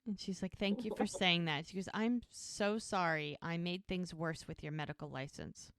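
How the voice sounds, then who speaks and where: A woman co-hosting a podcast, recapping a TV episode in a relaxed, chatty way. She slips into the characters' lines as she goes and laughs often. Her voice is smooth and on the low side, recorded dry and close. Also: normal speed, dry recording. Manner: retells scenes by acting out lines, laughs often. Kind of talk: casual chat.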